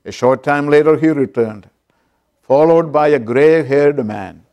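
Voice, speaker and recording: A pastor delivers a sermon in a measured, unhurried way, pausing often as he tells a story. His voice sits a little higher than most men's, and he checks in with the congregation as he goes. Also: darkish tone. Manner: storytelling preacher with call-outs to the congregation.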